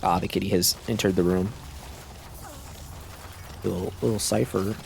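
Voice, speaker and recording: A man casually commenting on his gameplay, musing aloud in a low-key way while nursing a sore throat and sucking on a cough drop. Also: steady tone, normal speed, creaky, a little mellow, a little hiss or hum. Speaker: gaming channel host. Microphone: cough drop in mouth.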